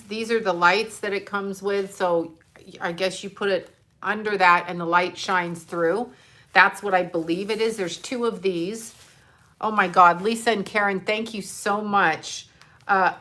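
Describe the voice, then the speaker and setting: A woman's voice: mid-range voice, bright, forceful tone. An older woman, a grandmother, chatting casually and emotionally on a livestream, rambling and swearing now and then. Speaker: livestream host.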